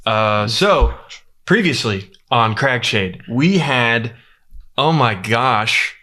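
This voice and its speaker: Rambling male game master, bright voice. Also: mid-range voice, expressive, extremely slow. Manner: loose, rambling narration with many fillers. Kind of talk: narrating a tabletop game.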